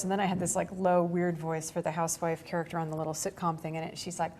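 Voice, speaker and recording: A woman in her forties, an actor giving an interview, telling stories in an animated way with lots of fillers and laughs. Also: fairly low pitch, fast talker, few pauses. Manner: animated storytelling, laughs often, many fillers. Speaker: actor guest. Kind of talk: casual interview chat.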